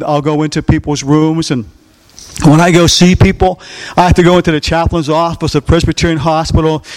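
A middle-aged man preaching from the pulpit in a notably high voice. He drives each point home by hammering lines again and again. He keeps throwing questions out to the congregation. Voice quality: emphatic, asks the congregation questions and repeats key lines. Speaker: pastor. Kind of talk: sermon.

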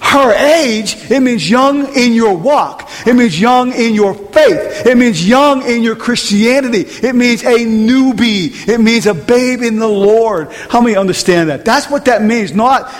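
A middle-aged pastor preaches in a church sanctuary with an extremely high voice, unhurried and with few pauses. His conversational, emphatic style repeats points to drive them home, and the recording has church-hall reverb and faint noise.

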